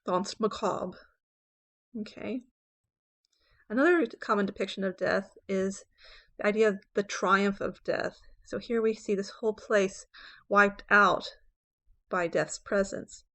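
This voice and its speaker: A woman's voice: mid-range voice, a bit bright. A woman lecturing on poetry. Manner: explanatory, reads verse slowly and dramatically; checks in with "okay?" and "right?". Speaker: English professor.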